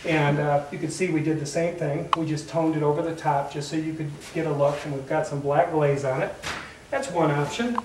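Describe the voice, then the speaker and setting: A man's voice: fairly high pitch, fairly even intonation, fairly quick, far from the mic, noisy background. A man, a wood finishing contractor, walks through finish samples in a plain-spoken, enthusiastic demonstration with many filler sounds. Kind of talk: casual product demonstration. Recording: echoey room, voice off-mic.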